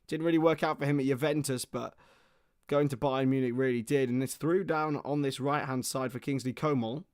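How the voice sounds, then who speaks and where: A young man giving excitable live football play-by-play on a stream, his voice starting to go hoarse, greeting viewers between plays. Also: mid-range voice, a little fast, no room sound, studio quality. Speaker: football watchalong host.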